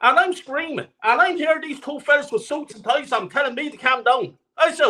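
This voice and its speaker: A man's voice: extremely high pitch, a little fast, few pauses, sharp tone. A man in his forties or older calling in to a live talk show, ranting angrily with constant swearing and repeating himself. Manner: angry, profane, repetitive ranting. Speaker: caller. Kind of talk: ranting call-in chat.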